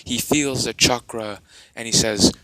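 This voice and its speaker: Slow, rambling male fan storyteller. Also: mid-range voice, bright, forceful tone, dry recording, rough recording. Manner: rambling, many fillers and restarts. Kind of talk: improvised fan story narration.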